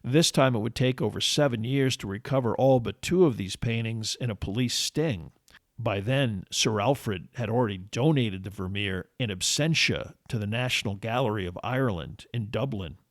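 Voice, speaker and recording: Male podcast narrator, steady measured read, slightly low pitch, dry booth sound. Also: no room sound. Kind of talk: scripted history narration.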